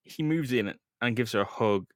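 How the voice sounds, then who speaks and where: A young podcast co-host with a mid-range voice talks at normal speed in a dry, studio-quality recording. In a casual comic book read-through chat, he recaps the comic with sweary banter, swinging between mumbles and loud bursts.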